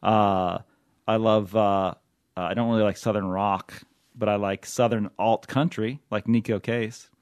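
A man's voice: on the low side, steady tone, a little slow, clean tone, dry recording, clean studio sound. A man hosting a podcast in a casual, jokey chat, laughing often and rambling between topics. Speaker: podcast host.

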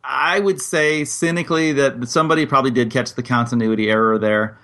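A man from the United States co-hosting a podcast in relaxed banter, often trailing off and restarting. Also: medium pitch, fairly quick. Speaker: podcast co-host. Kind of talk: casual chat.

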